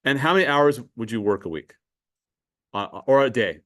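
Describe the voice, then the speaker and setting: An animated male math teacher speaks at normal speed in a mid-range, fairly bright voice, chatting with students through questions and repeating words often. It's a clean studio recording without echo.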